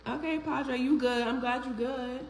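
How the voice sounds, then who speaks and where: A woman's voice: high-pitched, steady tone, normal speed, a little mellow. A woman hosting a live stream, chatting casually, greeting viewers one by one by name in an affectionate, upbeat way. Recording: echoey room with faint background noise.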